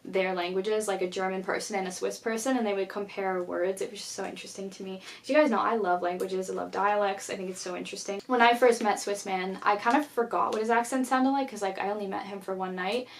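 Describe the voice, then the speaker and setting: A woman's voice: mid-range voice, fairly even intonation, quick pace, hardly any pauses, a little hiss or hum. A young woman chatting casually in a vlog, talking about her journals with many "like" fillers. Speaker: YouTuber.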